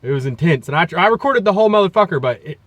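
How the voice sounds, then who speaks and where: A man's voice: high-pitched, animated, very fast, dry recording. A man telling a rambling, profane story in a casual vlog, recorded on a phone in a car. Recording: dull lo-fi phone audio, traffic noise.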